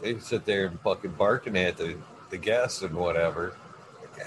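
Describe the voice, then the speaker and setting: A man's voice: deep voice, moderate pace, noisy background. A man chatting casually, telling a rambling, profane story and acting out what he said. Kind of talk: casual chat. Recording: music playing behind.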